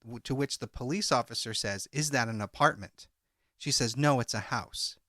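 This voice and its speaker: Man, podcast co-host, bright voice, dry close sound, reads out quoted lines. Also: mid-range voice, moderate pace, dry recording. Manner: recounts a transcript, reading out each speaker's lines in turn. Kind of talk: true crime podcast retelling.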